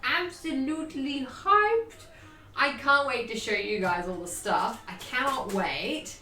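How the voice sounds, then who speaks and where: A woman's voice: mid-range voice, expressive, measured pace, sharp tone, soft background music. A young woman chatting casually on a live stream, bubbly and chatty, swearing freely. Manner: bubbly, chatty, swears casually, baby-talks to her dog. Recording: echoey room, mic at a distance.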